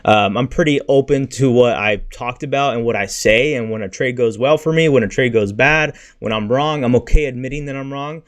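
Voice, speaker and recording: A man's voice: medium pitch, fairly quick, hardly any pauses. Blunt, slangy man ranting on a stream. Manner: blunt and slangy, says "freaking", "bro" and "dude" often; frustrated, venting. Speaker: crypto trading livestreamer. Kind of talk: casual livestream rant and market talk.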